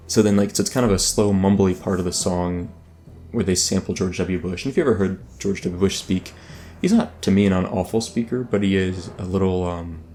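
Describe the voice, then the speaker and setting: A gaming YouTuber talks through an online game in casual let's play style, his low voice carrying a slight hiss or hum. He rambles, often um-ing and starting over, with soft background music underneath.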